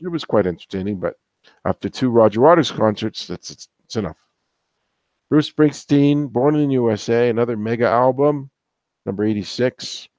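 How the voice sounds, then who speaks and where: A man's voice: medium pitch, moderate pace, a little mellow, no room sound. Rambling, opinionated man on a dry mic. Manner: rambling, opinionated, gossipy asides. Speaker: music show host. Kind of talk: casual album countdown commentary.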